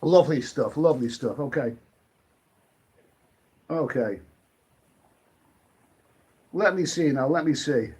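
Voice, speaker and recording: A British man chats casually on a late-night live stream, his voice a touch higher than most men's. He rambles and restarts his sentences often. He picks up viewer comments and reads them aloud as he goes. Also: expressive, slow, long pauses, a little mellow, breathy edge.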